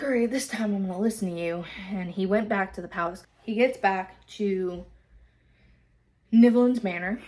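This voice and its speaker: A woman's voice: medium pitch, a little mellow. A woman hosting a book club, casually recapping a chapter in a loose, filler-heavy way and swearing freely.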